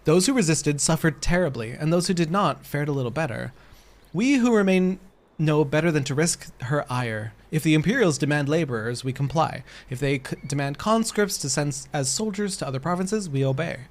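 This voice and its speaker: A man's voice: on the high side, animated, brisk. A man reading aloud the lines of a wary, weary villager in a fantasy game, in stiff, formal old-fashioned speech.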